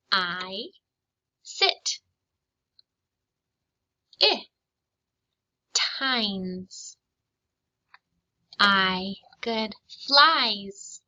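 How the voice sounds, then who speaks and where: A woman teaching a recorded phonics lesson to young children, speaking slowly and clearly, stretching out sounds and syllables and pausing after her questions. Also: mid-range voice, pushed and bright, poor audio. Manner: asks questions and pauses for children to answer.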